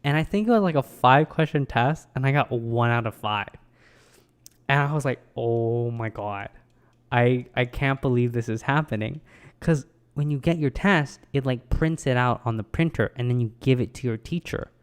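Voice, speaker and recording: A young adult man casually recalling a childhood memory, rambling and animated with lots of ums and likes, mocking himself. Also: medium pitch, moderate pace, clean tone. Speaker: vlogger. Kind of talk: casual personal storytelling.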